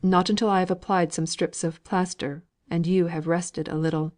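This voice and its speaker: A sensible male doctor, measured and reasonable, read by a woman narrator in her own somewhat low voice. The tone is steady. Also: lightly acted. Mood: calm.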